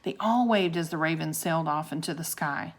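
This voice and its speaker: A woman reading a children's chapter book aloud in an expressive storytelling manner. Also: sits low, a little fast.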